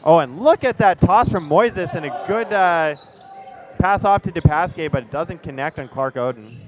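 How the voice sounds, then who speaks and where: A man doing live play-by-play commentary, excitable and jokey. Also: a little high, moderate pace.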